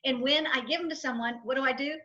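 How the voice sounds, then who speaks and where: In a muffled recording, a middle-aged financial advisor and entrepreneur speaks enthusiastically as an interview guest, repeating her points and acting out quotes as she tells stories. Her voice sits high, with a fairly bright tone and a quick pace.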